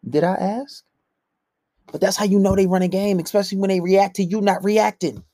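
A man giving blunt, profane dating advice in a casual monologue, swinging between loud outbursts and low mutters. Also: little pitch movement, fast, dry recording, clean studio sound.

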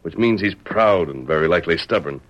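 A firm, deep-voiced masked hero. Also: male voice, animated, fairly quick. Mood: steady. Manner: firm, commanding. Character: masked male hero, firm, righteous and decisive. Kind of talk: 1940s radio acting. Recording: dull old radio recording.

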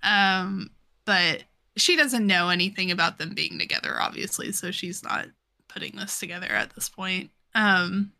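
A young woman with a bright, clear tone chats loosely as a podcast co-host. She rambles through a manga recap with plenty of fillers and little giggles. Her pitch stays in an ordinary middle range. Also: moderate pace. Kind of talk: casual chat recapping a manga.

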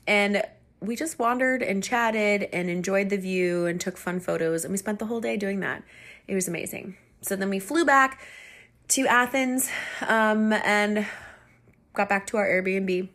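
A woman hosting a podcast tells a personal travel story in a loose, conversational way. She is chatty and animated and laughs easily as she talks. Her voice sits at an ordinary middle pitch for a woman. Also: a little slow. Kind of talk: casual storytelling.

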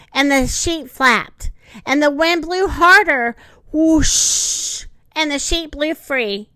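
A woman reading a children's picture book aloud, high and very lively, lingering slowly over each line. Her voice is bright, and the close recording is dry. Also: no room sound. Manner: expressive, sing-song. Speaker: storyteller.

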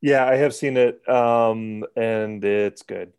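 A man's voice: fairly low pitch, fairly even intonation, slow pace, a little mellow, smooth. A man co-hosting a podcast, telling stories in a rambling, self-interrupting way with chuckles. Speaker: podcast co-host. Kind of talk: casual chat.

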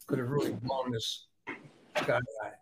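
A man's voice: medium pitch, fairly even intonation, unhurried, background noise. A man co-hosting a podcast, prompting the guest and recapping her stories. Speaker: podcast co-host. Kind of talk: interview questions.

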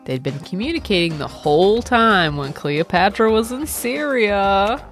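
A woman's voice: mid-range voice, animated, measured pace, soft background music. A young adult woman hosting a comedy history podcast, telling the story with irreverent jokes and swearing. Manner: irreverent, jokey, swearing asides. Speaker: podcast host.

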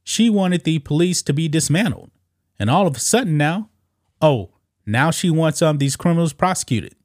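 A man's voice: a little high, lively intonation, moderate pace, dry recording. Male commentary host, casual and scoffing, addresses viewers as guys, dry room. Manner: talks straight to viewers, calls them guys; reads news quotes aloud, scoffing.

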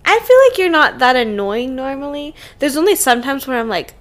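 A woman's voice: sits high, lively intonation, fairly quick. A young woman chatting casually as a podcast guest co-host, teasing and giggling easily.

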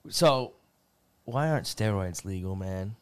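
A young man trading teasing, quick jabs on a casual podcast. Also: lowish voice, lively intonation, smooth, no echo. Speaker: podcast co-host.

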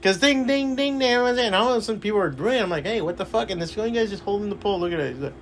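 A man's voice: sits high, rapid-fire, fairly bright tone, a little hiss or hum. A man hosting a casual chat at his shop, laughing and acting out stories with sound effects. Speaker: host. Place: comic shop.

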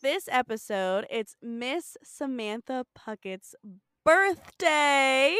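A woman's voice: medium pitch, lively intonation, a bit bright, clean tone, no room sound, studio quality. A woman in her twenties co-hosting a podcast, laughing often and rattling off episode details in casual chat. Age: 20s. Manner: giggly, reads episode details quickly. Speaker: podcast co-host.

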